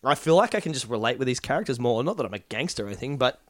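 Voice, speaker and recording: A man chatting about a film, excitable and laughing, full of filler words. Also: mid-range voice, very fast, no room sound, studio quality. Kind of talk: casual film discussion.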